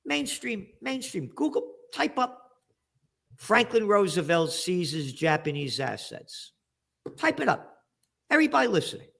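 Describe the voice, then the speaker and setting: A man giving ranting political commentary as an interview guest, sarcastic, with bursts of shouting. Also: high voice, big pitch swings, measured pace, creaky.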